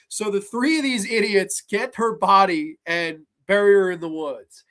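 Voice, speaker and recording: A man's voice: sits high, normal speed. A man hosting a horror movie show, retelling film scenes casually with lots of swearing and acted-out lines. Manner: animated, profane, acts out scenes in voices. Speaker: horror podcast host.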